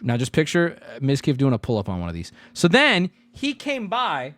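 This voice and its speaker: A man's voice: fairly high pitch, moderate pace, no echo. A man streaming live, telling a story casually with lots of profanity and jokes. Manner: animated, profane, jokey storytelling.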